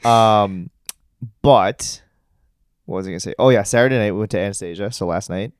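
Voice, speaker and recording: A man's voice: on the low side, brisk, clean tone, no room sound, clean studio sound. A young man co-hosting a podcast at home, talking in a chatty, casual way and laughing easily. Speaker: podcast co-host. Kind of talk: casual chat.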